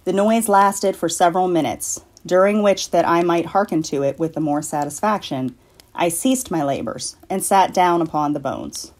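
A woman from a library reading a classic story aloud in a measured, deliberate way. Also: lowish voice, darkish tone. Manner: measured, deliberate, slowing for effect. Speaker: library staff reader.

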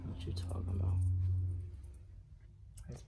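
A man's voice: measured pace, loud music behind the voice. A man in a car chatting casually, with slangy, laid-back teasing. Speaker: vlogger, the boyfriend. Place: inside a car.

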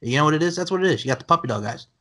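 A man's voice: on the high side, animated, rapid-fire, bright, forceful tone. A man hosting a podcast, bantering and teasing his guest in casual chat. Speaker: podcast host.

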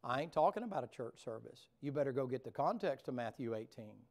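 A male revival preacher with a folksy, down-home way of talking. His pitch sits in an ordinary middle range as he tells the story to the congregation in a church sanctuary. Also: lively intonation, quick pace, vocal fry. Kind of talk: revival sermon.

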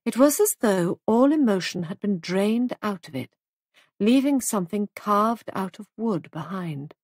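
A woman narrating a mystery audiobook in a measured storytelling manner, recorded close to the mic. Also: mid-range voice, animated, a little mellow, no echo.

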